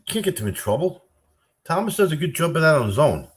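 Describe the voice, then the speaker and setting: A man in casual banter, loud and mocking, swearing often, whose voice jumps up when he rants. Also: on the high side, very animated, fast talker. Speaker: streamer reacting to chat.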